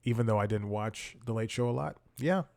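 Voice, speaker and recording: A man's voice: fairly low pitch, fairly quick, gravelly, darkish tone. A rambling, self-mocking man hosting a show. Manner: rambling, self-mocking, chuckles between sentences. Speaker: comedy podcast host. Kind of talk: casual rambling monologue.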